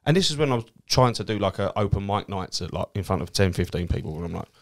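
A fast talker with a low, creaky voice, this man from Essex recounts stories in easygoing conversation. By trade a cab driver and comedian, he swears liberally and vividly performs the people he quotes.

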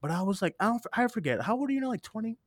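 A man's voice: high-pitched, sing-song, very fast, no room sound, clean studio sound. Earnest rambling man on a podcast mic. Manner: rambling, earnest, swears casually. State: teary-eyed. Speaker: podcast host. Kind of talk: casual chat. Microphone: desktop mic.

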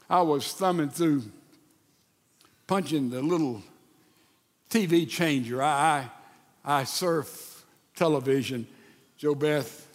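Older male pastor, folksy sermon delivery, high voice, long hall reverb. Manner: folksy and animated, with stammered restarts.

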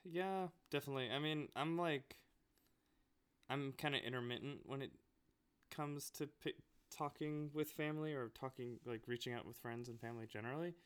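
A man with a bright, smooth voice talks casually with friends. He tells stories with animation and breaks into laughter often. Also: mid-range voice, normal speed. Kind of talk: casual chat.

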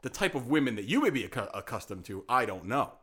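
A man's voice: medium pitch, sing-song, quick pace, fairly bright tone, breathy edge. Joking, incredulous podcast co-host man. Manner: incredulous, joking, rambling with restarts. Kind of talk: casual chat.

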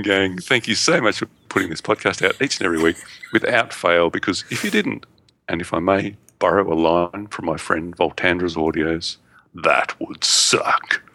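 A man's voice: low voice, vocal fry, pushed and bright. A man co-hosting a gaming podcast, reading a listener email aloud with frequent laughter. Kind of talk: casual chat.

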